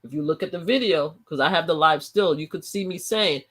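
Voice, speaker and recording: A woman's voice: deep voice, fairly quick, husky. Heated, emphatic New woman. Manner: emphatic and heated, restarts and repeats herself. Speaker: live-stream host. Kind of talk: casual live-stream commentary.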